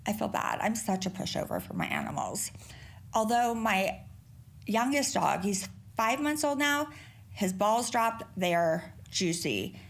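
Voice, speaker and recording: A middle-aged woman hosts a podcast by herself, chatting casually in a rambling, profane way. Her voice is fairly high-pitched and creaky.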